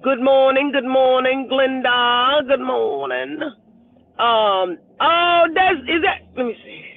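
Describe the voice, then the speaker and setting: A woman hosts a casual live stream, greeting viewers one by one by name, laughing often, and urging them to vote. Her high-pitched voice is creaky, and she takes her time. The recording is dry and tinny, from a phone camera held at arm's length.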